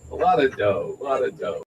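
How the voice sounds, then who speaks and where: A man doing a stand-up comedy set at an open mic, with a halting, stammering delivery full of fillers and chuckles at his own jokes. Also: medium pitch, a little mellow, a little hiss or hum, rough recording. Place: small venue at an open mic night.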